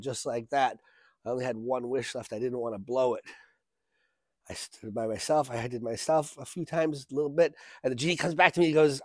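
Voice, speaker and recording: A man's voice: mid-range voice, fairly even intonation, fairly quick, a little mellow, dry recording. A man demonstrating a magic trick, telling a joking story as a chatty showman. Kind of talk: comic storytelling trick patter.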